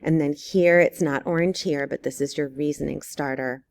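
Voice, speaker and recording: A woman teacher walking students through an essay outline step by step, encouraging and full of ums and quick check-ins. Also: low-pitched, fairly even intonation, gravelly, a little mellow. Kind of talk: recorded writing lesson walkthrough.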